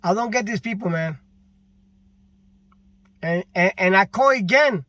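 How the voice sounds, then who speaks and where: A man with a very high, bright voice rants slowly about his work in a casual vlog. He is frustrated and repeats his points for emphasis. The recording is dry and close. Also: animated, dry recording. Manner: frustrated, repetitive, emphatic complaining. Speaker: delivery driver.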